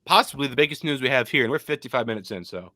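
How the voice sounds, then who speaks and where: A young adult man from Michigan co-hosting a casual MMA podcast, opinionated and animated with frequent ums. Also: medium pitch, racing, no echo, studio quality.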